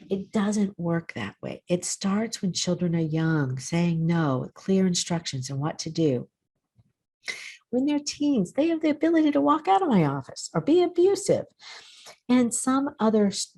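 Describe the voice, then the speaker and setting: A woman's voice: on the low side, warm tone. A woman, a counselor hosting a mental health show, giving earnest, cautionary advice to camera in short phrases.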